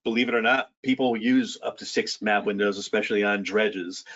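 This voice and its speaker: A man presenting software features in a casual walkthrough, rambling with many fillers and restarts. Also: fairly low pitch, fairly even intonation, normal speed. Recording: dull lo-fi sound.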